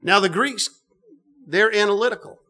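A middle-aged man preaching a sermon, animated, with emphatic bursts and frequent restarts. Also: high-pitched, normal speed.

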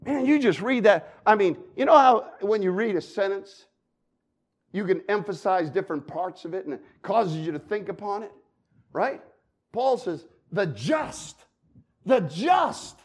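A male preacher with a high voice that leaps all over the place as he delivers his sermon. He swings between booming lines and hushed ones. He repeats key phrases again and again to drive them home. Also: animated, moderate pace.

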